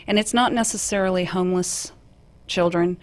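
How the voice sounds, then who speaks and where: A woman who is a guest on a radio talk show, explaining a local charity in a measured way. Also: on the low side. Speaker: guest, realtor. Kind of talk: radio interview.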